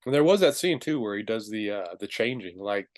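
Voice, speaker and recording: A man co-hosting a casual film review chat, laughing often and acting out movie lines in quick high voices. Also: lively intonation. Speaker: podcast co-host.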